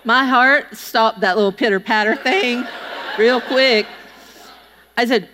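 A woman's voice: on the high side, a little slow, long pauses. A middle-aged woman giving a humorous speech to an audience as a public speaker, chatty and folksy, acting out the people she quotes. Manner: chatty, folksy, acts out quotes with lively voices. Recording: long reverb of a large hall.

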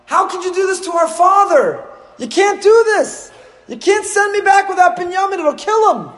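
A man's voice: very high-pitched, expressive, moderate pace, roomy sound, big-room sound, voice pushed up. A man doing a desperate pleading brother. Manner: strained, pleading shouts.

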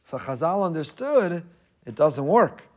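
At a measured pace, this rabbi gives a very animated sermon in a high voice with a darkish tone. He is passionate and emphatic, weaves Hebrew into his English, and relies on repetition for emphasis.

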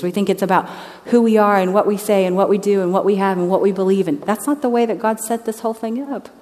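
A woman missionary telling a story in a sermon, lively and anecdotal, acting out the people in it. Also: medium pitch. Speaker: missionary speaker. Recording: long reverb of a large hall.

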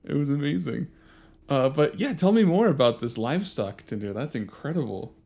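A man co-hosting a podcast in casual chat, loose and profane, laughing often between quick stories. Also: medium pitch, expressive, vocal fry, dark tone. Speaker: podcast co-host.

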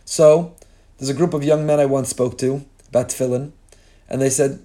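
A man delivering a heartfelt sermon-style Torah lesson. His voice is mellow and warm, and it sits at an everyday middle pitch. He stacks phrase after phrase in rhetorical lists and slips in Hebrew phrases. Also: steady tone, normal speed. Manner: impassioned, repetitive rhetorical lists. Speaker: Torah teacher.

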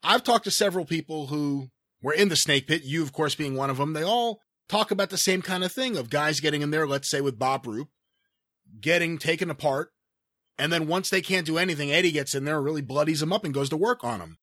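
A man hosting an interview show, asking measured, probing questions of his guest. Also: a little high, a bit bright, no echo, clean studio sound.

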